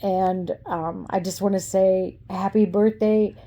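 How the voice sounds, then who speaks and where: A woman's voice: medium pitch, fairly even intonation, slow pace, mellow. A woman recording an emotional, tender birthday video message for a mentor she once worked with. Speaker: former coworker sending video greeting. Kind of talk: heartfelt personal video message.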